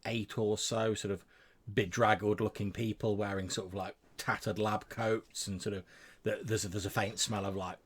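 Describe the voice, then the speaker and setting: A man's voice: lowish voice, level tone, normal speed, breathy edge. A man narrating a tabletop game as game master, rambling with lots of fillers and restarts.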